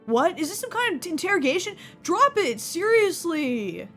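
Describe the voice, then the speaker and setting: A woman's voice: extremely high pitch, big pitch swings, moderate pace, fairly bright tone, soft background music, voice pushed up, heavily acted. A woman voicing a young drifter kid in a game, talking in a snappy, defensive way.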